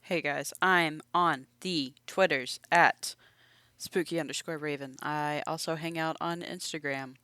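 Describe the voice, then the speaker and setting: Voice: medium pitch, fairly even intonation, a little slow, sharp tone, clean tone, no echo. A podcast co-host in casual chat, chiming in with playful quips.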